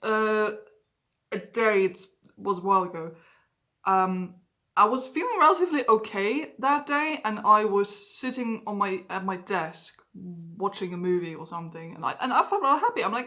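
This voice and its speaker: A woman speaks to her viewers in a personal, confessional vlog. She talks openly and frankly. Her voice sits at an ordinary middle pitch. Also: a bit bright. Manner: candid, emotionally open storytelling. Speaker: vlogger.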